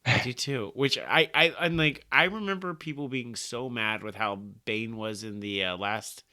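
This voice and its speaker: A man co-hosting a casual comic book podcast, talking in an animated, excitable way and cracking quick jokes. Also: mid-range voice, smooth. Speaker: podcast co-host.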